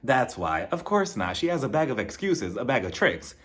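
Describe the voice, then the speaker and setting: A young man in a mid-range voice, chatting through a reality TV recap. He is sassy and animated, throws in snarky asides, and mimics the cast members he is talking about. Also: medium pitch, moderate pace. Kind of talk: casual episode recap.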